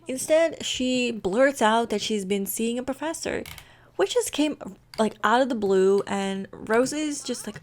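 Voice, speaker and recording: A woman's voice: on the high side, measured pace. Rambling woman narrating a game story. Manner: rambling, full of fillers. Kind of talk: casual storytelling over gameplay.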